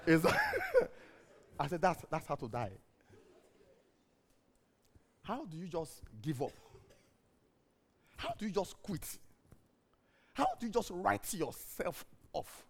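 Booming, gravelly-voiced preacher man. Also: huge pitch swings, slow, pauses often. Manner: emphatic preaching with repeated refrains, swinging between shouts and hushed tones. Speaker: pastor. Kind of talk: sermon.

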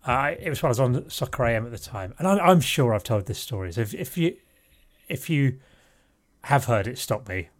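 A man's voice: medium pitch, lively intonation, a little fast. Rambling storyteller, chuckling man. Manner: rambling, self-correcting storyteller who breaks into laughter. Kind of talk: casual anecdote on a podcast.

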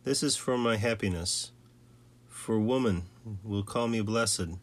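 A rivalrous ancient wife longing for her husband's love, read by a man. The voice sits low and is read plainly and steadily, like a storybook passage. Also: a little slow, natural voice. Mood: earnest.

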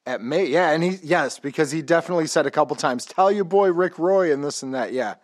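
A man's voice: on the high side, brisk. A man hosting a podcast in casual chat, laid-back and joking, with a lot of swearing. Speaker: podcast host.

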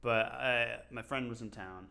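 A man's voice: medium pitch, unhurried, gravelly, pushed and bright. A young man co-hosting a podcast, joking around in casual chat, swearing freely and laughing often. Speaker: podcast co-host.

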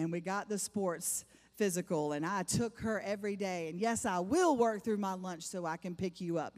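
With a darkish, low-leaning voice, a middle-aged woman moves at a moderate pace with few pauses through her personal testimony to a congregation. She's emphatic and repeats phrases for effect, and a long reverb from a large hall fills the recording.

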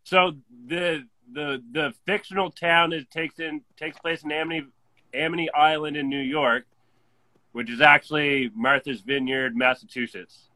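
A man's voice: a little high, steady tone, a little slow, bright, forceful tone, no echo, low-quality recording. A man appearing as a guest on a casual movie podcast, chiming in offhandedly.

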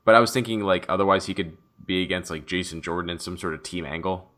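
A man with a deep voice and a bright, forceful edge, chatting casually as a show's co-host. He rambles excitedly, piles ideas on top of each other and swears freely. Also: quick pace. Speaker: podcast co-host. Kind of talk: casual chat about wrestling.

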